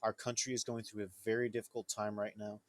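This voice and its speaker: A man voicing a stern female flight attendant in a flat, lightly acted way while retelling a movie scene. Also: on the low side, fast talker, close to an everyday voice. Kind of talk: casual chat.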